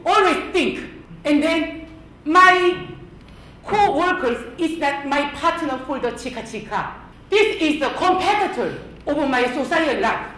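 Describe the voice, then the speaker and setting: A woman's voice: high-pitched, animated, a little slow, a bit bright. A middle-aged woman from Korea with a Korean accent, lecturing a class on work attitude in an emphatic, scolding way and quizzing her listeners. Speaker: workplace culture teacher. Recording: very echoey hall with faint noise.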